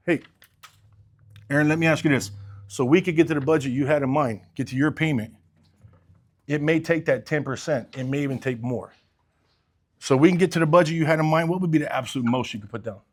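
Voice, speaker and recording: A middle-aged sales coach with a rather high voice for a man leads a training session. He's blunt and lively, curses offhandedly, constantly questions the group, and plays both roles in a mock customer conversation. His pace is normal, broken by long pauses.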